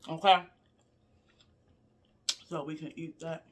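A woman's voice: sits low, slow pace, slight background noise. A woman vlogger chatting casually to her viewers while eating a meal, humming "mm" between bites and talking with her mouth full. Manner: savoring food with frequent mm sounds, talking with mouth full; relaxed, chatty, addresses viewers as y'all. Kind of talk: casual live eating vlog.

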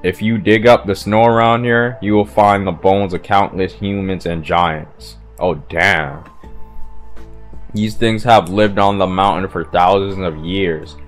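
Man reading chained giant, proud, menacing, low voice, slow and even. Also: faint music behind. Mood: ominous.

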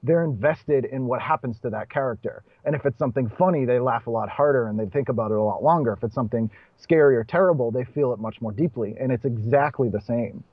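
A man's voice: mid-range voice, fast, hardly any pauses, dry recording. A man from Boston, a stand-up comedian, talking casually as a podcast guest, restarting sentences and laughing between points. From Boston, USA. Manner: chatty, self-correcting, laughs between points. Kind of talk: casual conversational interview. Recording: dull, muffled podcast audio.

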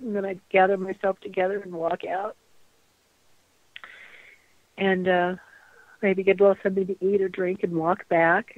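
An older woman is heard through a thin phone line with no room echo around her. She reminisces slowly and reflectively as an interview guest. She often repeats herself and lets her sentences trail off. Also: medium pitch. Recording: dry tinny phone line.

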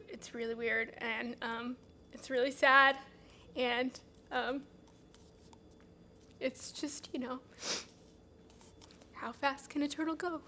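A woman's voice: on the high side, sharp tone, slight background noise. An actress playing an anxious, paranoid woman in her thirties who rambles, apologizes and bursts into rants. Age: 30s.

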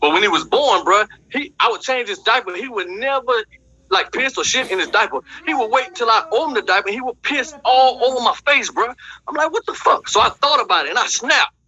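A man's voice: very high voice, expressive, bright, forceful tone, breathy edge. A man from Georgia, doing a crude stand-up set over a video call, profane and brash. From Georgia, USA. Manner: brash, profane, rapid storytelling. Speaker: stand-up comedian. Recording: dull lo-fi video call audio.

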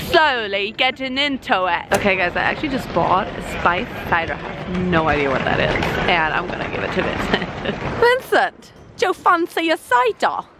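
A woman's voice: on the low side, moderate pace. Giggly German woman vlogging amid noise. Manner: giggly, bubbly, laughs often. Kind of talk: casual vlog chat. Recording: noisy with traffic around.

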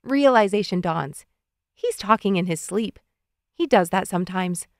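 A woman narrating a children's audiobook in an expressive first-person storytelling manner, close to the mic. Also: mid-range voice, normal speed, no room sound.

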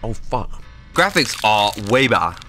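A man streaming a game live, reacting loudly and excitably with lots of swearing. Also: lowish voice, measured pace, soft background music. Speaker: gaming streamer. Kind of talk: casual live-stream gameplay commentary.

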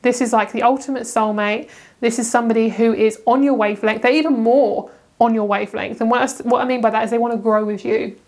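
A young British woman doing a casual tarot card reading, gushing and excitable, often breaking into laughter. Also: a little high, quick pace. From Britain. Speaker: tarot reader.

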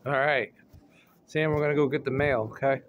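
A man's voice: mid-range voice, fairly even intonation, normal speed, lo-fi sound, very noisy. A man casually rambling through a story with fillers and chuckles, recorded outdoors on a phone. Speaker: vlogger. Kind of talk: casual chat. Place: outdoors at home while walking a dog.

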